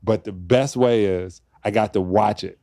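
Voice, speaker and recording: A man in his fifties, a podcast guest, telling animated stories and acting out the voices of the people in them. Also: fairly low pitch, moderate pace, dry recording, clean studio sound. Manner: acts out quoted voices, laughs while telling stories. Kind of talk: animated storytelling in conversation.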